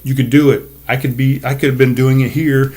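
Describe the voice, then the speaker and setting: Medium-pitched and a little mellow, this podcast host talks fairly quickly with little pitch movement. Sitting at his desk, he rants passionately and profanely into the microphone during a casual solo show.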